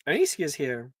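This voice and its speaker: Running a tabletop role-playing game, a relaxed game master narrates with frequent laughs and throat-clearing. The voice sits in the mid-range, with no room sound.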